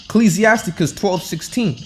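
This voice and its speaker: A man's voice: sits high, moderate pace, a little mellow, faint music behind. A man preaching informally over scripture, hectoring and repeating himself with rhetorical questions and colloquial restarts. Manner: loose, colloquial delivery with frequent restarts. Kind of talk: informal scripture-reading sermon.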